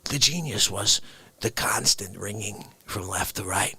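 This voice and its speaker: A man hosting a livestream, riffing comedically and swinging between loud shouts and hushed whispers. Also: lowish voice, a little slow, husky. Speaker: livestream host. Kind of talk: rambling comedic riff.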